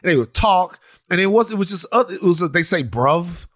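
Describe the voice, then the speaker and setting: A man co-hosting a chatty podcast, his voice sitting fairly high for a man. He talks in an animated way, tripping over restarts and repeating himself. The sound is dry and close, with no room around it. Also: quick pace, dry recording. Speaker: podcast co-host. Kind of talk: casual chat.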